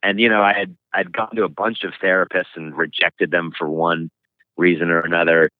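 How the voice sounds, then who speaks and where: A man speaking frankly and reflectively as an author being interviewed, pausing often as he talks. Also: low voice, little pitch movement, no room sound. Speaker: author and guest. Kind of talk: candid interview conversation. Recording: tinny phone-like line, dry.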